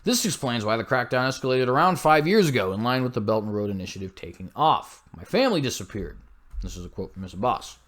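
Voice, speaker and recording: A man's voice: medium pitch, animated, fast talker, fairly bright tone. A man hosting a commentary show, reading news aloud with blunt, scornful asides and frequent slips and self-corrections.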